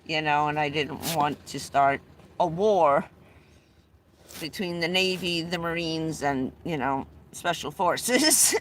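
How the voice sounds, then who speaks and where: A woman's voice: lowish voice, slight background noise. A middle-aged woman telling family stories casually on a livestream, rambling with frequent restarts and bursts of laughter, speaking from inside a vehicle. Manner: rambling, restarts often, laughs between anecdotes.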